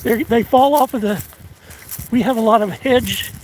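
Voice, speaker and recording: A man out of breath, chatting casually on a live stream while walking his rural land, pausing and restarting often. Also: very high voice, rough recording. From United States. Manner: halting, drawling, many restarts and fillers. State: out of breath, winded. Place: outdoors on rural land in strong wind. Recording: outdoor phone audio with loud wind.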